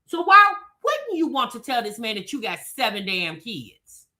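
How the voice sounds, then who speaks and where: A woman hosting a gossip commentary show, sassy and animated, talking straight to her chat. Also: a little high, normal speed.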